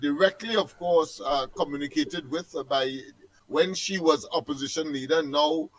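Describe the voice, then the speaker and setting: A man's voice: a little high, expressive, moderate pace, poor audio. A man talking on a radio program in a pompous, wordy and formal way.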